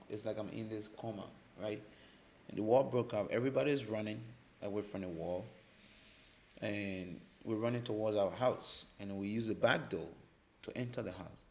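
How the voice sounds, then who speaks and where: A man from Liberia, a podcast guest telling his personal story in a halting way, often repeating words as he restarts. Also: fairly low pitch, creaky, slight background noise.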